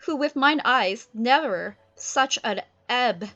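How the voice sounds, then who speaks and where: A woman's voice: a little high, animated, slow pace, sharp tone, dull audio, pitched above the performer's own voice, full character voice. A woman voicing Ferdinand, an ardent young shipwrecked prince, declaiming Shakespeare in a raised voice. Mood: grieving.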